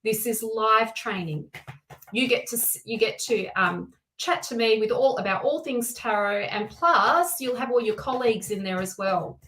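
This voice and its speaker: A woman hosting a live tarot stream, talking in a chatty, excitable way with many restarts and asides. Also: on the high side, normal speed, low-quality recording. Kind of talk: casual live-stream chat.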